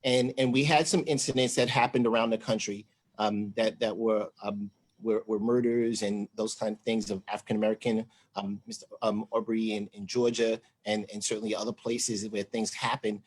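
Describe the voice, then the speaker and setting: Casting: male host with a husky voice, chatty and rambling, low-pitched. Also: fairly even intonation, moderate pace. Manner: rambling, chatty, many fillers. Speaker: deputy county executive, host. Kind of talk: livestream discussion.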